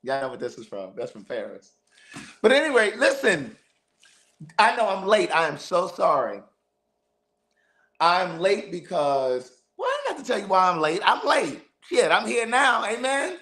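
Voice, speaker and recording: A man's voice: high-pitched, sing-song, normal speed, pushed and bright. A man hosting a casual live stream, greeting viewers by name with playful, sassy banter.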